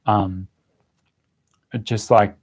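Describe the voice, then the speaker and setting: This young man from Australia hosts a language-learning channel and answers questions on a casual live stream, rambling with plenty of fillers and false starts. His lowish voice is flat in delivery, with drawn-out words.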